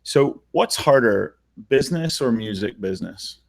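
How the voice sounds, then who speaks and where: A man hosting an interview, asking questions in a halting, thoughtful way with fillers. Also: medium pitch, animated, creaky. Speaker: interview host.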